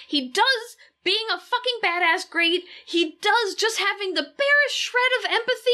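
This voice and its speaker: A woman co-hosting a podcast, talking in a chatty, animated way. Her voice sits high and swings widely. Her tone is bright, and she swears casually. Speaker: podcast co-host. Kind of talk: casual chat.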